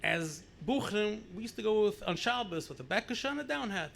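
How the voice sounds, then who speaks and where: A middle-aged man, a rabbi, telling family stories in a lively anecdotal way, repeating words for emphasis. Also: high-pitched, brisk, creaky, a little hiss or hum. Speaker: rabbi sharing memories at a gathering. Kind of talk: storytelling speech.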